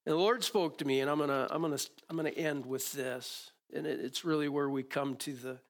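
Preaching fairly quickly in a slightly high voice, a middle-aged male pastor dramatizes his prayers and exchanges with God in animated, lively bursts during his sermon.

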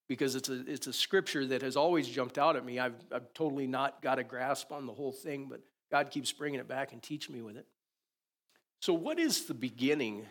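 A male pastor delivers a sermon in a conversational way. His voice sits at an ordinary middle pitch. He keeps checking in with the listeners and moves between louder and quieter stretches. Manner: conversational, often asks "right?", shifts between loud and soft.

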